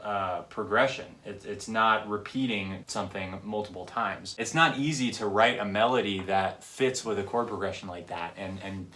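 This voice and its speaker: Lower-pitched man in casual commentary. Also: normal speed, few pauses, bright, forceful tone. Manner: chatty, analytical, frequent "like" and "right?" fillers. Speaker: music reviewer.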